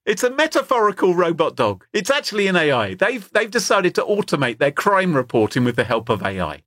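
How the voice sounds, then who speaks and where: A man's voice: sits high, very animated, brisk, a bit bright, no room sound, clean studio sound. An Englishman co-hosting a podcast, telling stories in a joking, playful way. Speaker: podcast co-host. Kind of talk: casual comedic chat.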